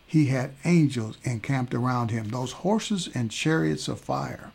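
A male preacher retelling a scripture story in a lively, conversational sermon. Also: mid-range voice, creaky, slightly rough.

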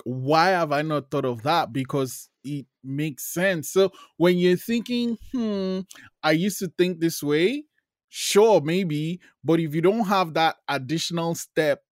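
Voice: mid-range voice, no room sound, studio quality. An interviewer responding enthusiastically and reflectively to a guest in a conversational interview.

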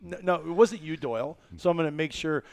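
A man's voice: fairly high pitch, fairly quick, gravelly, background noise. A man from Iowa hosting a podcast in casual chat, joking and rambling with many fillers and restarts. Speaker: podcast host.

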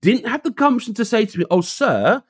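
A man tells a story with a lively, swinging voice and slips into the voices of the people he quotes. His slang is casual and the recording is dry and close. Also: very high voice, quick pace, breathy edge, dry recording. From England. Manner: animated, acts out quoted voices, uses street slang. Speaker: guest.

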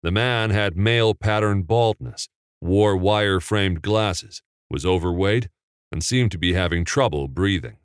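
Male audiobook narrator, very deep, slow, measured, dry close sound. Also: clear, resonant tone, dry recording. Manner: measured, unhurried storytelling.

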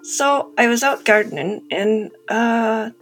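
A woman's voice: fairly high pitch, takes it slowly, faint music behind. Woman doing a forgetful botanist, talking through a clenched jaw. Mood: dotty, forgetful. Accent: Australian. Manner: forgetful, wandering, easily sidetracked. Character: absent-minded old botanist who barely moves her jaw.

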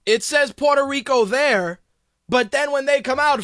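Profane, sarcastic high-voiced man ranting. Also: normal speed, a bit bright, no echo, studio quality. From Hispanic background. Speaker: podcast host. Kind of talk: ranting casual commentary.

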